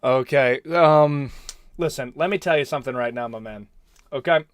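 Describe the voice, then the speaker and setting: A young man hosting a live stream, chatting in an animated, slangy, rambling way. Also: mid-range voice, normal speed, clean tone, no echo, studio quality. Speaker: host. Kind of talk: casual live-stream chat.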